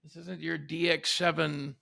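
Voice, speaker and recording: Texas guy in his 50s, kinda high-pitched, super gravelly, laid back chatting. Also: measured pace. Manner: relaxed, chatty, self-deprecating. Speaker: guest musician. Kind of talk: casual conversation.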